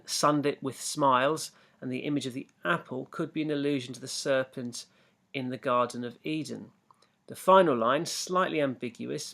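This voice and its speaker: Man, gravelly tone, mid-pitched, methodical poetry lesson, explains step by step. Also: a bit bright. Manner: measured, methodical, with fillers and restarts; reads poem lines slowly and deliberately. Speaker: English literature teacher. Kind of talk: exam-focused poetry lesson.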